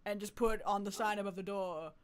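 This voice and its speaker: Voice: mid-range voice, steady tone, fairly quick. A streamer giving live gameplay commentary, playfully talking with mock deference and often laughing.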